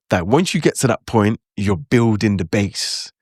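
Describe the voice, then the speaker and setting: A man's voice: on the low side, animated, unhurried, husky, dry recording, studio quality. A man giving a casual spoken lesson on language learning, loose and chatty, full of asides and acted-out reactions. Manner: acts out his own reactions in quotes.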